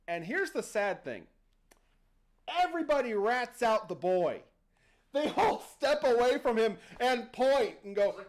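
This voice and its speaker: A man's voice: high-pitched, a little slow. A man hosting a livestream, casually retelling a story and acting out the characters. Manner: animated, playful, acts out characters. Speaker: host.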